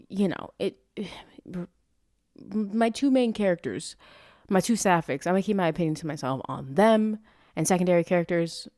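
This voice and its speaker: A woman's voice: on the low side, darkish tone, no echo, clean studio sound. A young woman hosting a podcast, reviewing a novel in a rambling, self-interrupting way with frequent swearing. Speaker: podcast host. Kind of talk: casual book review monologue.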